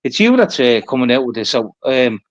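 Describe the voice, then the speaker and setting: A man's voice: medium pitch, big pitch swings, fairly quick, dry recording, dull audio. A man with an Irish accent arguing combatively in a live-stream debate, interrupting and swearing. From Ireland. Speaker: panel guest.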